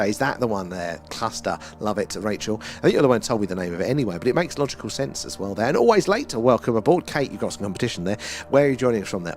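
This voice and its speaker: A man with an Essex accent hosting a live sky-watch stream, chatting casually and reading out viewer comments. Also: lowish voice. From England. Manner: chatty, reads out viewer comments, often trails off with "there".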